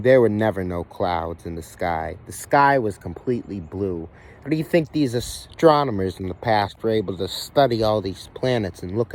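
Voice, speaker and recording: A man's voice: lowish voice, a little mellow. A man ranting in a rambling, profane monologue, restarting sentences and repeating himself, recorded outdoors on a phone. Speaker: vlogger. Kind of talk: conspiracy monologue.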